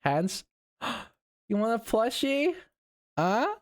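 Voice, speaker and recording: Vtuber chatting on stream, voice all over the place, kinda slow, laughs and swears a ton. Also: medium pitch, very animated, no echo, studio quality. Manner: giggly, swears often, reacts out loud. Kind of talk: casual live-stream chat.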